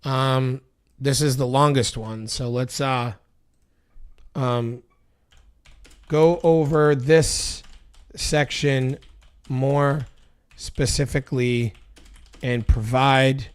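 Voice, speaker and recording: A political commentary streamer reads a bill aloud line by line, his medium-pitched voice steady, clear and resonant. He goes extremely slowly with long pauses and keeps drifting into loose, casual asides packed with fillers.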